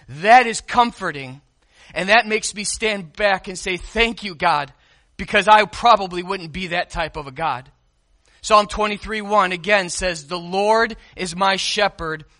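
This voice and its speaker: A man delivers a sermon in a high, bright, ringing voice. He preaches conversationally, leaning hard on key words and then easing into quieter stretches. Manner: conversational preaching with call-and-response. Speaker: pastor.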